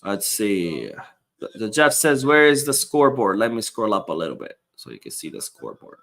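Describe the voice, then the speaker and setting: A man's voice: fairly low pitch, very animated, normal speed, creaky, fairly bright tone. A man hosting a live football watchalong, casually reading viewer comments and giving opinionated, rambling takes. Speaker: livestream host reading chat.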